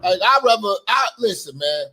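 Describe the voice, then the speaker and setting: Loud mocking high-voiced man reacting. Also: expressive, moderate pace, very noisy. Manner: loud mocking reactions, shouts, sing-song outro. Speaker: commentary channel host. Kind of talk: reaction commentary.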